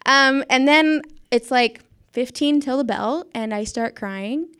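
Young woman, ex-teacher, chatty self-mocking storyteller. Slightly high, smooth voice. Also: slow, a bit bright. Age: young adult. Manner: chatty, self-mocking, acts out quotes, laughs often. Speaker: former schoolteacher. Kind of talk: casual storytelling.

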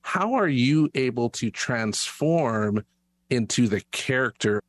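A man's voice: medium pitch, lively intonation, slow pace. A man interviewing a young guest on the radio, asking friendly, curious questions.

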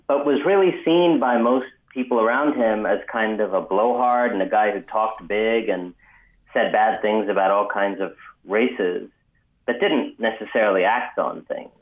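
A man recounting a story on a radio interview, unhurried and dotted with ums. His voice sits very low. It comes through a thin, tinny phone line. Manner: measured, many ums, vivid retelling. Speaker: author guest.

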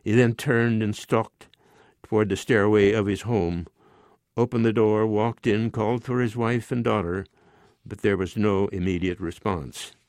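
A man in his nineties reading his own short story aloud in a measured, unhurried way. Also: on the low side, fairly even intonation, a little mellow, dry recording. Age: 90s.

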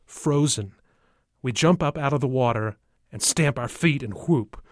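A man narrates a first-person story in a calm, measured way. His voice is mid-pitched and close to the mic, with a dry sound. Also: no room sound. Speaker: audiobook narrator.

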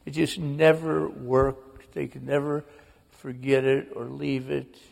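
A man in his sixties from the American South, an author telling lively family stories as an interview guest, sometimes slipping into quoted voices. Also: mid-range voice, slow pace, gravelly, big-room sound. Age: 60s. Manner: animated storyteller, slips into quoted voices. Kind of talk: storytelling interview.

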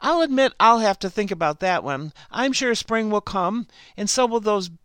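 A woman's voice: mid-range voice, expressive, fairly bright tone, smooth, dry recording. A woman hosting a program, reading a fable aloud in scripted narration. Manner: slow, unhurried read-aloud delivery. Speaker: program host and storyteller.

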